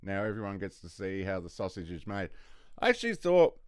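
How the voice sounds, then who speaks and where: With a low voice full of big pitch swings, this man hosts a livestream, talking fairly quickly in loose, rambling chat. He curses freely and laughs often, and the tone is clean, the recording dry and studio quality.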